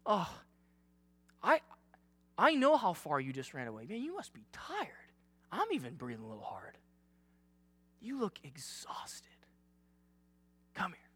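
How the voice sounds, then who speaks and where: A man acting out a gentle male shepherd who softly comforts a tired sheep, using a hushed, tender voice. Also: sits high, huge pitch swings, measured pace, long pauses, slightly rough, pitched below the performer's own voice, full character voice.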